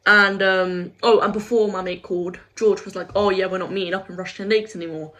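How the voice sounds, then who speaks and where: A young woman vents in a casual vlog rant, frustrated and rambling, swearing often and saying "like" constantly. Her medium-pitched voice is steady, a bit bright and a little fast, on a low-quality recording.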